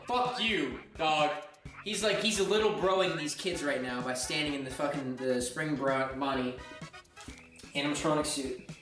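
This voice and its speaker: A young man rambling profanely and excitably through a comedic retelling of game lore, sounding drunk. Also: on the high side. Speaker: host. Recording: echoey room, far from mic, faint music.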